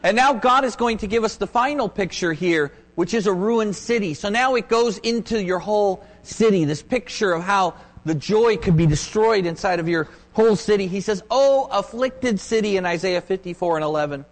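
A man preaching a sermon, rising to loud emphatic peaks and dropping to hushed, slowed asides. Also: high voice. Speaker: pastor. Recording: long hall reverb.

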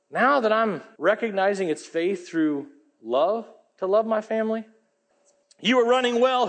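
A man preaching a lively sermon as pastor, swinging between loud, high lines and quiet, low asides. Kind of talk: energetic sermon.

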